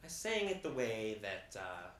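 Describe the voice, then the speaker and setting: A man's voice: on the low side, measured pace. Sardonic man performing a stage monologue. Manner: sardonic, lively character voices. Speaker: stage actor in a one-man show. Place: theater stage with live audience. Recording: roomy theater sound with noise.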